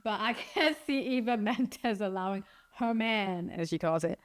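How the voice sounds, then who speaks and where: A woman's voice: mid-range voice, animated, a little slow. A woman vlogger and filmmaker giving casual, chatty commentary and laughing often as she talks.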